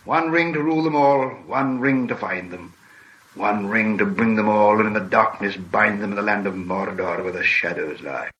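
A man's voice: on the low side, normal speed, fairly bright tone. A man reading aloud and voicing an ancient, solemn male wizard who recites a verse in a grave, chanting way, heard from a dull lo-fi audiobook recording.

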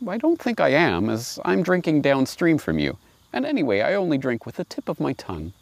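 A man's voice: fairly high pitch, huge pitch swings, brisk, gravelly, no room sound, voice pushed up, heavily acted. A man voicing a polite, innocent young lamb in a spoken fable reading, meek and earnest.

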